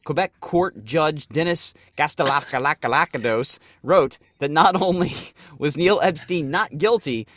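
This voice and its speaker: A man co-hosting a comedy podcast, telling news stories in an animated way, with swearing and mock voices. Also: a little high, measured pace, hardly any pauses. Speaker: podcast co-host. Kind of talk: casual comedic podcast chat.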